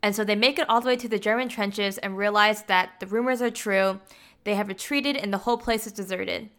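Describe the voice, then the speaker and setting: Smooth-voiced woman recapping a film. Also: mid-range voice, brisk, fairly bright tone. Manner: chatty, heavy use of "like" fillers. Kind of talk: casual film plot recap.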